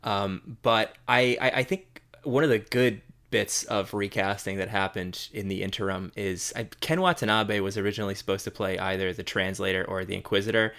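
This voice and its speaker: A man co-hosting a film podcast, discussing movies in a casual, halting way with many fillers and repeated words. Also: on the low side, fairly bright tone. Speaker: podcast co-host.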